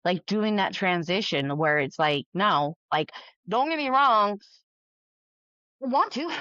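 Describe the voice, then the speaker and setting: A woman's voice: mid-range voice, animated, bright, forceful tone, no echo. Frank middle-aged woman, lo-fi sound. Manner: frank and profane, with quick laughs. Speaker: podcast guest, mother. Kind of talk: candid casual chat. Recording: dull, lo-fi, dry sound.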